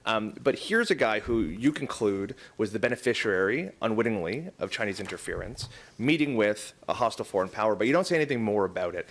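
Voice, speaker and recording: A man's voice: fairly low pitch, lively intonation, fairly quick. A man asking probing questions as a journalist at a press conference, with many filler words.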